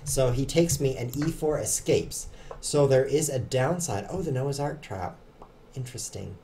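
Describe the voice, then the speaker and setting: Slight background noise sits under an unhurried, dark, mid-range male voice. It belongs to a young chess streamer who keeps up relaxed live commentary during play, chatting, poking fun at himself, and bantering with viewers.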